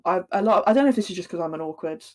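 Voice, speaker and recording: A woman co-hosting a casual podcast chat, talking in a hesitant, thoughtful way with many pauses and fillers. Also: on the low side, animated. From Britain. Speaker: podcast co-host.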